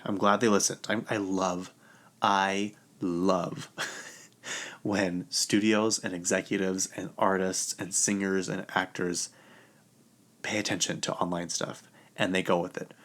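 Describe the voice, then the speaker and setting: Chatty low-voiced man talking pop culture. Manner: chatty, excitable, laughs often. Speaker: podcast host. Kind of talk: casual pop-culture chat.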